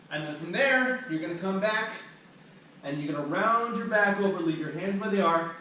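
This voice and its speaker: A man's voice: fairly high pitch, a bit bright, a little hiss or hum. A man as a fitness instructor, talking the viewer step by step through cool-down stretches as he demonstrates them. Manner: upbeat, talks the viewer through each step while demonstrating. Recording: very echoey room, mic at a distance.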